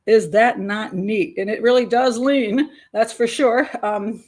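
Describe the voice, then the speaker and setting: A woman's voice: on the high side, fairly even intonation, measured pace, a little mellow. An older woman hosting a live stream, chatting casually and rambling with frequent laughs. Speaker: host.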